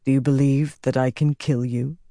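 A woman reading an audiobook, voicing a cold, commanding young man who speaks softly and offhandedly. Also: very deep voice, level tone, moderate pace, no room sound, studio quality. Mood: menacing. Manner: soft, eerie, offhand.

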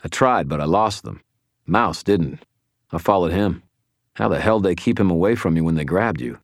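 A man doing a quiet, guarded vampire brother. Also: normal speed, no room sound, clean studio sound. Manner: low, guarded, clipped.

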